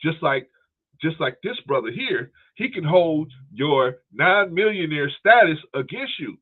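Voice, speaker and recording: A man's voice: on the high side, sing-song, measured pace, slightly rough. A man hosting a livestream, giving casual commentary, laughing often and peppering his talk with "man" as he thanks viewers for donations. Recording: tinny phone-like audio.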